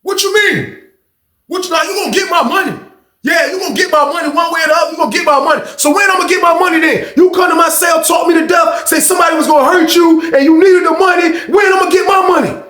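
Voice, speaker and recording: A man doing a shrill yelling inmate predator. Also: animated, normal speed, heavily acted. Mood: demanding. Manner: shouting, demanding, aggressive. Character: short loud menacing male inmate collecting debt. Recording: echoey room.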